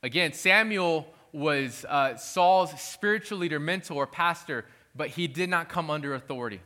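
Male pastor, sermon delivery, high and bright, earnest pleading tone with frequent restarts. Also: normal speed.

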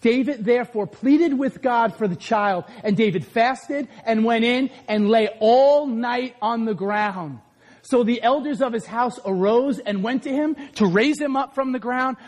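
A man preaching a sermon, telling a story with animated, conversational energy. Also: very high-pitched, a little slow. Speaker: pastor.

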